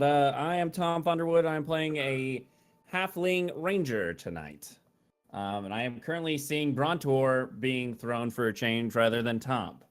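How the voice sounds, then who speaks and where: Brief: flustered male player, mid-pitched, talks in a rambling way. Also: fairly bright tone, clear, resonant tone. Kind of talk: casual tabletop game chat.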